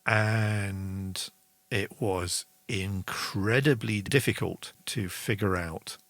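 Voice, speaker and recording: Slow, gravelly-voiced man teaching songwriting. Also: lowish voice, fairly even intonation, a bit bright, no room sound. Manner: chatty and enthusiastic, reads viewer comments aloud, sings rhythm syllables. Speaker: songwriting show host. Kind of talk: casual online songwriting lesson.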